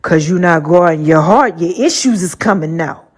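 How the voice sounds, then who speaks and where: A woman hosting her own podcast, telling a story in a casual, animated way with frequent laughs and slangy asides. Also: on the low side, moderate pace, breathy edge. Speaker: podcast host.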